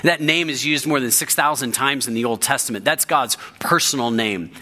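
Man, pastor, sermon, bright forceful voice, emphatic, repeats phrases. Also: medium pitch, normal speed.

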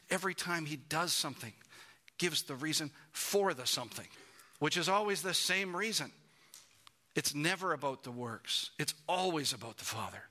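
Bright-voiced male pastor preaching. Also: medium pitch. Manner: expository preaching with rhetorical questions. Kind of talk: sermon.

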